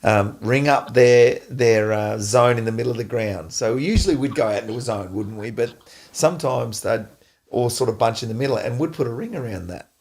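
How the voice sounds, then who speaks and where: A middle-aged Australian man hosting a podcast, an animated storyteller who laughs often. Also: mid-range voice, brisk. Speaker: podcast host, former footballer. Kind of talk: casual storytelling chat.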